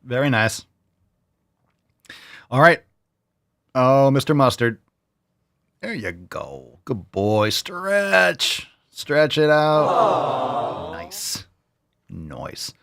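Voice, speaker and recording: A man's voice: mid-range voice, very animated, drawn-out words, creaky, long pauses, fairly bright tone, no room sound, clean studio sound. A man hosting a fitness talk show, ranting crudely and heatedly with sarcastic mimicry. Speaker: host. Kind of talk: profane ranting commentary.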